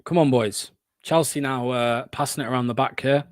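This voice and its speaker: A man's voice: medium pitch, moderate pace, dry recording, clean studio sound. A young man hosting a fan watchalong, giving live play-by-play with blunt, sarcastic asides and swearing.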